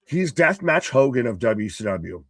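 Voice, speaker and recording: Casting: jokey, rambling male co-host, mid pitch, dry close mic. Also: very animated, normal speed, fairly bright tone, no room sound. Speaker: co-host of a wrestling watch party stream. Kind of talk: casual live-stream chat.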